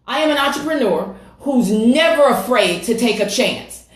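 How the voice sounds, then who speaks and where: A woman's voice: a little high, expressive, moderate pace, echoey room. A woman hosting a live-streamed talk show who greets her viewers by name with upbeat energy. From United States. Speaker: host and life coach. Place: home setup with computer.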